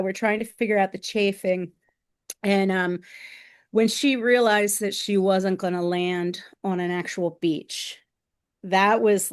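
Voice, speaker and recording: A woman guest on a podcast, telling a lively story full of fillers and acted-out quotes. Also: mid-range voice. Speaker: guest, open water swimming crew member.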